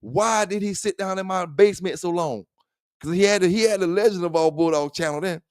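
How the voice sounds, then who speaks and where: A man's voice: high voice, brisk, clear, resonant tone, dry recording, studio quality. Laughing, foul-mouthed livestream host man. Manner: loose, profane trash talk with frequent laughter. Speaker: livestream host of a dog talk show. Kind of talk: casual livestream chat.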